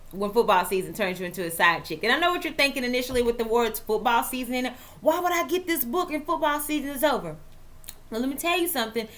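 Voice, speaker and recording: A woman hosting a chatty football vlog, playful and dramatic. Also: mid-range voice. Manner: lively, playful, dramatic asides. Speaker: vlog host and author.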